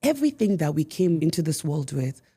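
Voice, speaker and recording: A woman's voice: sits low, very animated, a little fast, warm tone, breathy edge. A woman telling a personal story in a podcast conversation, speaking emphatically and repeating key phrases for effect. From United States. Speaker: podcast guest.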